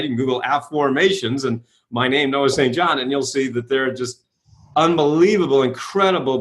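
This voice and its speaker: A man's voice: medium pitch, a bit bright. A man being interviewed as a guest speaker, telling his story energetically, acting out quoted voices and often asking "right?".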